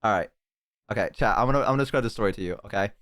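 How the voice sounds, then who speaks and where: A man streaming and telling a story casually to his chat, swearing often and bursting into loud laughter. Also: fairly low pitch, very fast. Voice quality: profane, laughs hard and loud. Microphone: headset.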